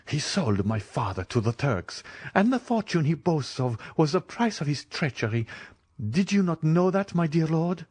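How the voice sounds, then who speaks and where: Audiobook: man playing a passionate young Greek woman, raised, lively pitch, dry mic. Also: normal speed, slightly rough, no room sound. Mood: vehement. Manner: vehement, urgent.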